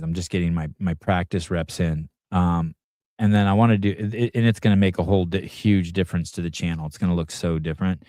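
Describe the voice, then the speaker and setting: A man's voice: low voice, darkish tone, clean tone, dry recording, clean studio sound. A middle-aged man hosting a live podcast, telling rambling, profane stories in a casual chat. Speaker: podcast host.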